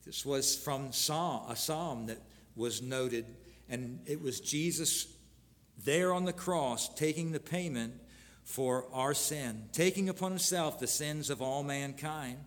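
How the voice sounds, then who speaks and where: A man preaching a sermon, earnestly reading scripture aloud with pauses and restarts. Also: mid-range voice, big-room sound. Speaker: pastor.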